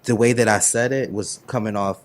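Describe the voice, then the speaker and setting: A man co-hosting a podcast, talking things through in a measured, thoughtful way with lots of "you know.". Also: lowish voice, fairly even intonation. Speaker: podcast co-host. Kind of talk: casual chat.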